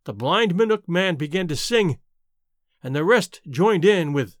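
Expressive man narrating a classic story. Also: sits high, a little slow, dry recording, clean studio sound. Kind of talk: scripted audiobook narration.

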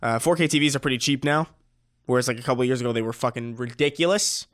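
A man co-hosts a casual podcast, speaking in a loose, relaxed way. He restarts his sentences and swears offhandedly at a mid pitch. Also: fast, no echo, studio quality. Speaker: podcast co-host. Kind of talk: casual chat.

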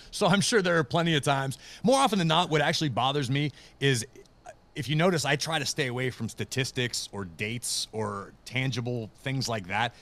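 A man's voice: mid-range voice, fairly bright tone. A man in his thirties, a wrestling commentator, telling stories in a casual interview, self-deprecating and acting out the voices of people he quotes.

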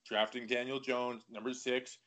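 A man co-hosting a podcast in casual sports chat, animated and talking in quick bursts full of "like". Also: mid-range voice. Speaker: podcast co-host.

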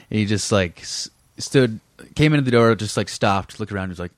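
A man's voice: on the low side, moderate pace, no room sound. A young man from Massachusetts, a guest comedian telling stories in a laid-back way and laughing often. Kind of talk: casual chat.

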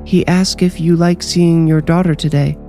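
A man's voice: fairly high pitch, flat delivery, moderate pace, dark tone, soft background music, pitched above the performer's own voice, natural voice. A man voicing a little boy in a horror story whose voice is taken over by a cruel dead man, speaking eerily and menacingly. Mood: eerie. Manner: eerie, menacing. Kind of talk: audiobook horror reading.

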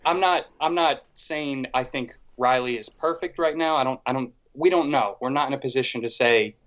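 A man co-hosting a casual sports podcast, rambling eagerly from point to point with plenty of "like". His pitch sits in a middle range. The recording sounds a little muffled and lo-fi. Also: moderate pace. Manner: animated, rambling with frequent "like". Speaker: podcast co-host. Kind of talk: casual hockey chat.

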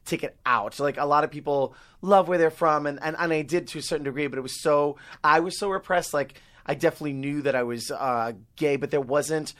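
A man's voice: on the high side, fairly quick, hardly any pauses. A man in his forties from Long Island, telling stories as a guest in a casual chat and laughing easily. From Long Island, New York. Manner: animated storyteller, laughs easily.

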